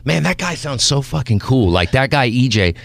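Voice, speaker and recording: A man's voice: medium pitch, moderate pace, creaky, dry recording. A man in his forties from Mexico, hosting a casual podcast chat and slipping into voices and impressions as he tells stories. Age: 40s. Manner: animated, does voices and impressions when telling stories. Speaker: podcast host.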